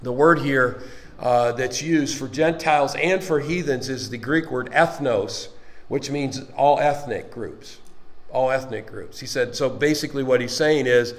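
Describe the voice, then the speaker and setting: A man teaching a Bible study with fervent preaching, exclaiming hallelujah and amen, swinging between loud passages and quiet explaining. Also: mid-range voice, a little slow, reverberant, poor audio.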